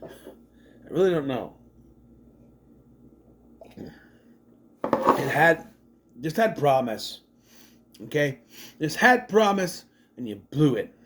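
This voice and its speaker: A man's voice: a little high, extremely slow, long pauses, a little hiss or hum. A man casually recapping and reviewing a movie, swearing and mocking the scenes as he goes. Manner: animated, swears, mocks scenes in exaggerated voices.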